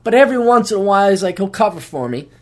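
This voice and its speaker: Rambling, profane man with a lively voice. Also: high-pitched, very fast. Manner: rambling, profane, self-mocking. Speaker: podcast host. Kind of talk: casual solo monologue.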